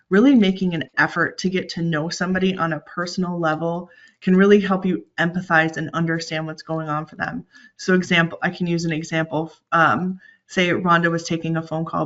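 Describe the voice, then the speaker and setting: A woman speaking as a team lead on a webinar panel, steady and clear, explaining through examples. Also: on the low side, highs cut off. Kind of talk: conversational webinar talk.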